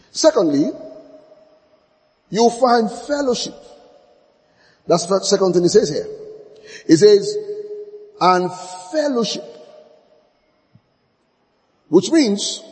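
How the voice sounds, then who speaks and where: A man preaching in a high voice that swings widely up and down. He hammers points home by repeating key phrases, and the voice rings with a long hall reverb. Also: darkish tone. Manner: acts out church members in short dialogues. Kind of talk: sermon.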